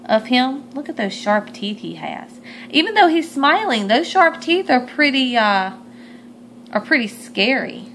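A woman reading a picture book aloud to children, her voice fairly high and very lively. She stops now and then to point at pictures and ask questions. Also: a little hiss or hum, poor audio. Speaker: storyteller.

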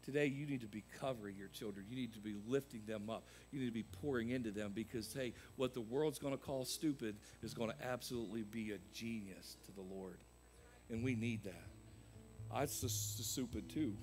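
A man preaching a sermon as pastor, swinging from loud emphatic peaks to quieter asides. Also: medium pitch, fairly quick, faint music behind. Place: church sanctuary.

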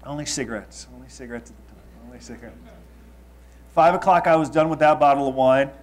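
A man in his thirties from Los Angeles, speaking as a storyteller before an audience. His voice sits at an ordinary middle pitch. He moves from punchy, louder statements into hushed, confessional asides. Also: fast talker. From Los Angeles, United States. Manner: confessional, swings between loud emphasis and quiet asides.

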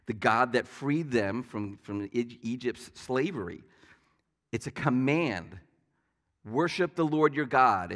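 A man's voice: mid-range voice, a bit bright, big-room sound. A man preaching a sermon as pastor, telling stories in a conversational way with light asides. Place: church sanctuary.

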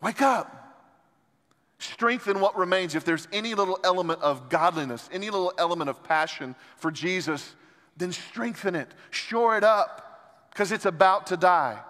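A man preaching a sermon as pastor, impassioned, moving between soft and loud passages. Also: high voice, animated, a little fast. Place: large church sanctuary. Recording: long hall reverb from church sanctuary.

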